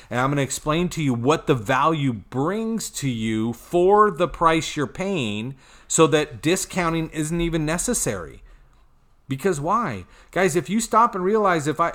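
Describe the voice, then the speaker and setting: A man's voice: fairly high pitch, moderate pace. A man coaching salespeople in a casual teaching talk, acting out customer exchanges and often checking in with "right?" and "okay?". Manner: animated, acts out customer dialogue, frequent "right?" and "okay?". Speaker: sales trainer.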